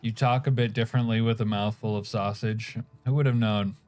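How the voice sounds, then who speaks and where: Man, low voice, casual stream chat, reads chat out, mouth full, faint music behind. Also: steady tone, a little fast, a little mellow. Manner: reads chat aloud, chuckling, talks while eating. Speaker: game streamer.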